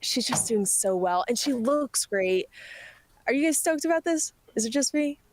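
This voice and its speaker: A woman's voice: on the high side, animated, normal speed, slight background noise. A woman reporting live from an ultramarathon course, upbeat and laughing easily as she interviews crew.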